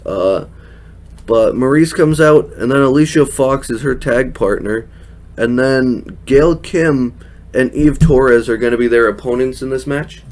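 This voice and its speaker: A man talks through a casual show recap in a chatty, loose way. He laughs often and drops plenty of fillers as he goes, at an ordinary mid pitch. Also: measured pace, a little mellow. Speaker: wrestling recap host.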